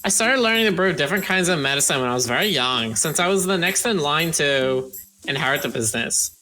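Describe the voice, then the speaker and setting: A woman's voice: deep voice, expressive, a little fast, sharp tone, faint music behind, poor audio. A woman voicing a friendly, motherly female pharmacist who calls others darling and hon, reading game dialogue aloud on a live stream. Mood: warm, chatty.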